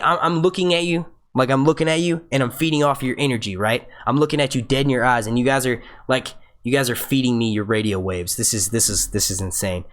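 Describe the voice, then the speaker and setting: A man with a mid-range voice runs a casual live review stream through his webcam mic, rambling excitedly, swearing, and often starting his sentences over.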